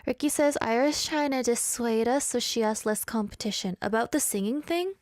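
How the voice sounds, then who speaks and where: A woman's voice: on the high side, moderate pace, darkish tone, no echo. A woman radio host chatting casually and reading out listener messages, playful and self-mocking. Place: radio studio.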